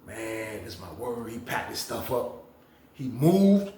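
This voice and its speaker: A man in the middle of a casual storytime, slangy and animated, jumping his voice up high whenever he acts out someone else. His pitch sits in an ordinary middle range. The room around him is echoey, with a faint hum of noise behind. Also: measured pace. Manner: animated, slangy, acts out others' lines with big pitch swings. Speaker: storyteller on his own channel.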